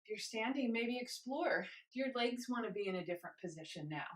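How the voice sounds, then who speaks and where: A young woman leading a guided movement class, encouraging and gentle, a little out of breath as she moves. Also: on the high side, animated, a little fast. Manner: encouraging, gentle, invites choices. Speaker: movement instructor. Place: home room with carpet.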